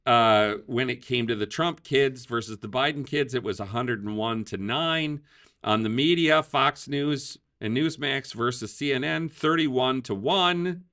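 A man's voice: mid-range voice, unhurried, pushed and bright. A man hosting a casual political talk show, chatty, laughing often and using many fillers. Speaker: podcast host.

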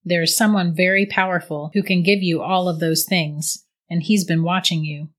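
A woman reading the lines of a tall, persuasive male tempter with a low, gruff voice, close to her own voice. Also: fairly even intonation, normal speed, close to an everyday voice. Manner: coaxing, persuasive. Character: tall smooth-talking male tempter, devil's recruiter.

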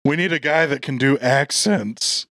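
A man's voice: medium pitch, a little slow, fairly bright tone, no echo, studio quality. A man in casual podcast chat, jokey and sarcastic. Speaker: podcast co-host.

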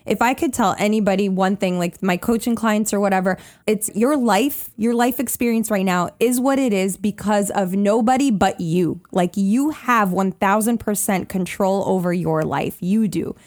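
A woman's voice: medium pitch, normal speed, hardly any pauses, darkish tone. A young woman, a podcast guest and life coach, chatting casually and animatedly, riffing with lots of "like". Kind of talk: casual interview chat.

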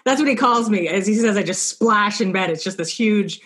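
Animated woman telling a funny story. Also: mid-range voice, brisk. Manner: animated, laughs often while telling stories. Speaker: podcast co-host. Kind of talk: casual chat, storytelling.

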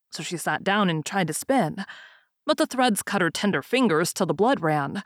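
A woman narrating a fairy tale aloud in a calm, even storytelling manner. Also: on the low side, normal speed, no echo, studio quality.

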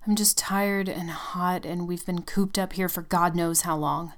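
A woman's voice: lowish voice, fairly even intonation, a little slow. Woman voicing a jealous, hot-tempered boyfriend. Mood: tired. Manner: bitter, clipped retorts.

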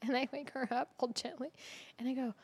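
A woman co-hosting a casual podcast, telling a story in an animated way, swearing freely and laughing through it. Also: sits high, a little fast, husky. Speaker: podcast co-host.

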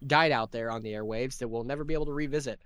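A man's voice: medium pitch, racing, crowd noise. A man co-hosting a paranormal podcast in rambling, profane, joking chat. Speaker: podcast co-host. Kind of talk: casual chat.

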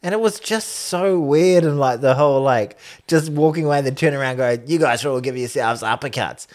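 Animated New man chatting rugby. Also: medium pitch, fairly quick. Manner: animated, exaggerated retelling with quoted voices. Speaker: podcast co-host. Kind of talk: casual rugby chat.

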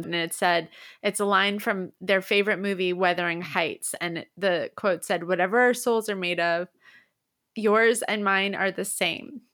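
A young woman co-hosting a casual podcast, her voice sitting at a middle pitch. She grows emotional and a little teary as she tells a story, laughing through the tears. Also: a bit bright. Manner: emotional, tearful and laughing while telling a story. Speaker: podcast co-host.

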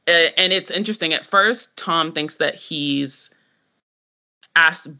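A man co-hosting a casual podcast discussion, talking in an animated way, full of "like" and quick laughs. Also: on the high side. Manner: animated, heavy use of "like", frequent laughter. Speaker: podcast co-host.

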